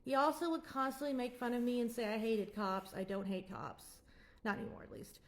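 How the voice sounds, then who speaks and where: A woman's voice: a little high, fairly quick. A woman in her twenties telling her own story frankly and giving blunt advice, rambling at times. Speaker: vlogger. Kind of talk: candid personal storytelling with advice.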